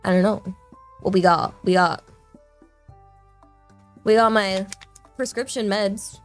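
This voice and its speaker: A woman's voice: medium pitch, steady tone, slow pace, faint music behind. A young woman from southern England with a southern English accent, chatting casually on a live stream in a bubbly, rambling way, repeating words as she talks.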